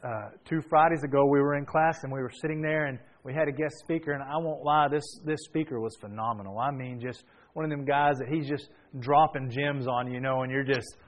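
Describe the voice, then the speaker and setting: A man's voice: mid-range voice, steady tone, a little fast. A male pastor telling a story from the pulpit in a casual, chatty way, with frequent restarts. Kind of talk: storytelling sermon.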